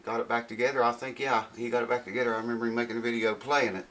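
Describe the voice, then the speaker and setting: A man's voice: medium pitch, flat delivery, very fast, fairly bright tone, poor audio. A man chatting casually on his guitar repair vlog while unboxing parts, rambling and thinking aloud in a folksy way.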